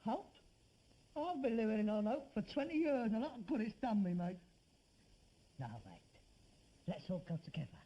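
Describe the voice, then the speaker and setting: A fed-up middle-aged rag-and-bone son, sarcastic, mellow voice that swings widely. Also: male voice, high voice, big pitch swings, moderate pace, long pauses, muffled recording. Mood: sardonic. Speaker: son in a sitcom. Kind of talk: 1960s studio sitcom acting.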